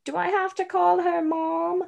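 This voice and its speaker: A woman voicing a worried little girl with a wobbly put-on Scottish accent that drifts British, asking high, pleading questions. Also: little pitch movement, a little slow, creaky, darkish tone, highs cut off, exaggerated voice.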